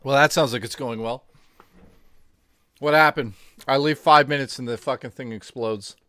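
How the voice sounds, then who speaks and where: A man's voice: mid-range voice, normal speed, fairly bright tone, dry recording. A man co-hosting a casual livestream, chatting in an offhand, joking and profane way. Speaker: co-host.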